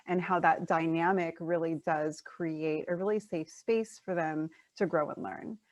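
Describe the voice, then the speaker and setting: A woman hosts a casual interview, encouraging her guest and affirming what she hears. Her voice sits a little low. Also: fairly even intonation, unhurried, no room sound, dull audio. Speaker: interview host, coach.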